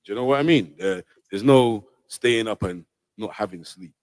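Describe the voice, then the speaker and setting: A man hosting a livestream, chatting loosely and repeating himself, his loudness rising and falling. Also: lowish voice, normal speed, no room sound, poor audio. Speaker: livestream host. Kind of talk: casual livestream chat.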